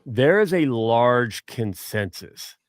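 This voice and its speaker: Man, podcast guest, animated storyteller, frequent restarts, dry close sound. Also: medium pitch, takes it slowly, no room sound. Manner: animated storyteller, many restarts, acts out quotes. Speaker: guest superfan. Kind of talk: casual sports chat.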